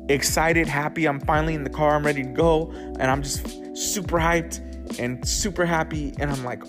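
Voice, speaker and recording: A man telling a personal story in a loose, casual way, swearing often and filling pauses with "like" and restarts. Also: fairly high pitch. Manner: loose and profane, with frequent "like" fillers and restarts. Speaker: storyteller recounting his own experience. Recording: clear music playing under the voice. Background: music.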